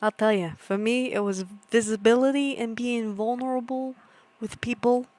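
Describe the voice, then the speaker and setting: Her voice is fairly high with a steady, darkish tone, moving at a moderate pace in a dry recording. This young woman is livestreaming, rambling chattily to her viewers and cracking herself up.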